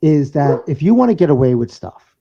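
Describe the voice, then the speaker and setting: A man's voice: on the high side, sing-song, brisk, creaky. Rambling laughing man, lo-fi podcast. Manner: rambling, laughs often, restarts. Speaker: podcast co-host and DJ. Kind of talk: casual banter. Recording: dull lo-fi sound.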